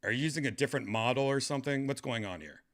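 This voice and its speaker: A man's voice: mid-range voice, rapid-fire, a bit bright. A man hosting a casual livestream chat, rambling and hesitant, full of fillers and restarts. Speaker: podcast host.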